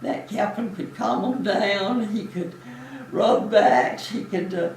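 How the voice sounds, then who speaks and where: A woman's voice: mid-range voice, takes it slowly, a little hiss or hum. A woman in her eighties, a former Navy nurse, telling her memories in an interview, chatty and often laughing. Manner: chatty, warm storyteller who laughs often. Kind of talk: reminiscing interview. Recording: echoey room, distant mic.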